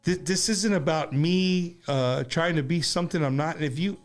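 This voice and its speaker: A man hosting a casual studio chat show, talking in animated, rambling bursts with many restarts. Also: fairly high pitch, moderate pace, faint music behind. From United States. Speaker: show host.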